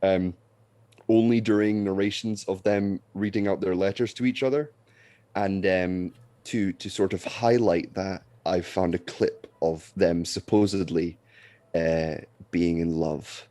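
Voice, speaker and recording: A man co-hosting a podcast, reviewing a film in a dry, sarcastic, deadpan way. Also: sits low, a little slow, no echo. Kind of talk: casual film review chat.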